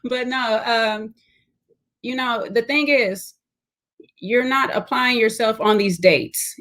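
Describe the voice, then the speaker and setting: A woman's voice: a little high, slow pace, fairly bright tone. Playful woman panelist. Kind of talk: casual podcast chat.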